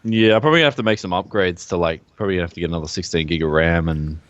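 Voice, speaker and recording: A man co-hosting a casual tech podcast, relaxed and drawling, often calling people man and dude. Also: low-pitched, rapid-fire, no room sound, lo-fi sound. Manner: laid-back, drawling, says man and dude a lot. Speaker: co-host.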